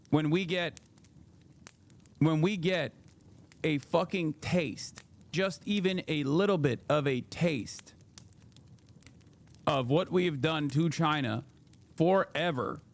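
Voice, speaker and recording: Guy streamer ranting about politics, swears a lot, kinda higher voice. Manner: profane, ranting, animated. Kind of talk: casual political commentary.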